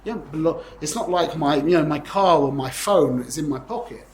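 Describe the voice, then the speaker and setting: A man teaching a lively Torah class to students, animated and quick to correct himself, using Hebrew and Yiddish terms. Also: fairly high pitch, echoey room, poor audio.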